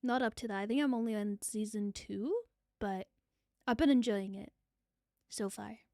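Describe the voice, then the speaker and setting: A woman's voice: mid-range voice, normal speed, dark tone, no echo, clean studio sound. A young woman, chatting casually on a livestream and answering viewer comments in a rambling way. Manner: chatty, rambling, repeats phrases, swears casually. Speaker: VTuber streamer.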